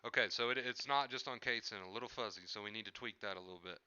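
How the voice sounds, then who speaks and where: A man's voice: lowish voice, fast, sharp tone, clear, resonant tone, no echo, muffled recording. A man streaming live from home, chatting casually with his viewers into a headset mic and often repeating himself. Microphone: headset microphone.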